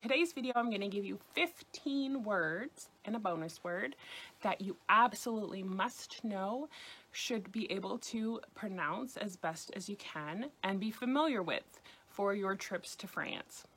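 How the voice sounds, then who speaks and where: An American woman with a New York accent gives a scripted French lesson. She speaks clearly and deliberately, and she slows right down on the example words. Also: mid-range voice, lively intonation, a bit bright. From United States. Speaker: French teacher on a video channel.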